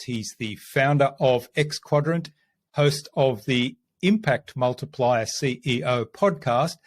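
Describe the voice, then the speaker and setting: A man's voice: medium pitch, no echo. A man hosting an interview podcast, friendly and enthusiastic as he introduces and questions his guest. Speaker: podcast host.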